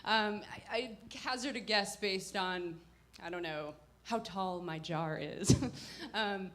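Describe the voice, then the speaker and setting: A woman performing a personal story live, in a slow, unhurried delivery. Her manner is wry and reflective, with halting stops between phrases. Her pitch sits in an ordinary middle range. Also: a bit bright. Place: live performance before an audience.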